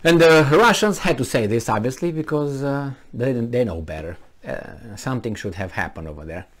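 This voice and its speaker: A man's voice: mid-range voice, normal speed. A man with a Romanian accent giving a casual commentary monologue, acting out little scenes with sound effects and quoted voices. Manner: animated storytelling with sound effects and acted-out quotes. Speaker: commentary vlogger.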